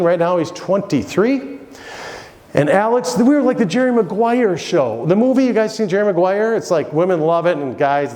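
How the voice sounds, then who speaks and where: Animated man speaking in an echoey hall. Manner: animated storyteller, swings between loud highs and low asides. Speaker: keynote speaker. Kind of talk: motivational keynote talk. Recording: echoey hall, long reverb.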